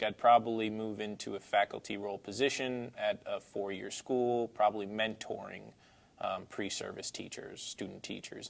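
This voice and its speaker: A teacher from Brooklyn, New York, a man with a New York accent, answering interview questions in a relaxed, rambling way. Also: on the low side, vocal fry. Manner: relaxed, rambling, laughs easily.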